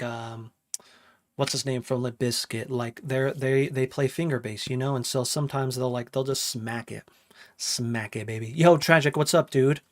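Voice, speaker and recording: A man explaining his music session in a casual live-stream walkthrough, greeting chat and humming parts aloud in a home studio. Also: medium pitch. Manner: talks while working, hums riffs aloud, greets chat.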